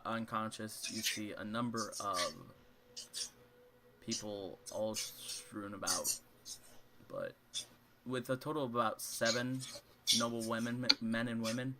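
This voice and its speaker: A man narrating as game master of a tabletop game, improvising with frequent ums and pauses. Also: fairly low pitch, creaky, noisy background.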